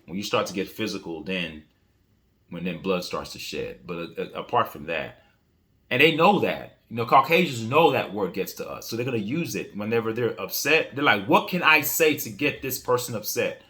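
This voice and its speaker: Bright-voiced man giving casual opinion commentary. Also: lowish voice, animated, normal speed. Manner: opinionated, reads chat comments and answers them. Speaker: commentary channel host.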